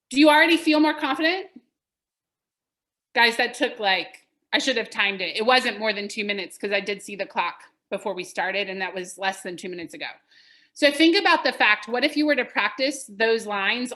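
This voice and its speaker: A woman's voice: a little high, animated, moderate pace, sharp tone. A woman coaching real estate agents in a webinar, upbeat and demonstrating script lines aloud.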